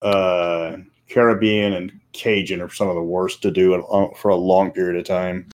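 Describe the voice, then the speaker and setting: A man with a low voice chats about running tabletop games, winding through stories and restarting his sentences as he goes. He sounds relaxed and conversational. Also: normal speed. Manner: rambling storyteller with restarts. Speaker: game master. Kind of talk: casual podcast chat.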